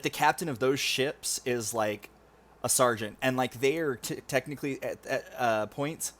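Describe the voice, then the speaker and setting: A man running a tabletop game as game master, explaining in a hesitant way with many fillers. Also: mid-range voice.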